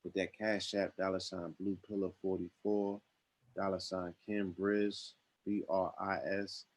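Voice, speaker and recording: A man with a very deep, husky voice, hosting a casual live-stream talk show. He speaks in a flat, steady tone and draws his promos out slowly, with plenty of street slang. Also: low-quality recording. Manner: laid-back, drawn-out promo delivery with slang. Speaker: podcast host.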